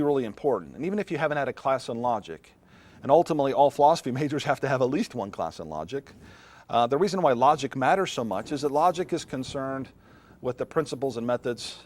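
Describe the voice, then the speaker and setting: A middle-aged man, a philosophy professor, lecturing a class in a classroom in a conversational way, often putting questions to his students. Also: mid-range voice.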